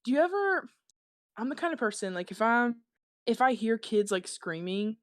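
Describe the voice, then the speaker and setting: Young woman guest rattling off stories fast, lots of cussing, super dry close sound. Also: fairly high pitch, no room sound. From South Carolina. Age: 20s. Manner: fast, swearing, animated storytelling. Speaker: guest musician. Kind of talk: casual podcast chat.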